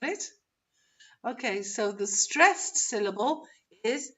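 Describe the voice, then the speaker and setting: Lively woman teacher on dull webinar audio. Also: mid-range voice. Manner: lively, encouraging, models pronunciation slowly. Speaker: teacher trainer. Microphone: video call.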